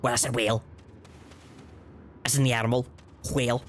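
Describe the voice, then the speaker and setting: Fast-talking male game streamer. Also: medium pitch, level tone. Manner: fast, rambling, laughs often. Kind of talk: casual gaming livestream commentary. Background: game music.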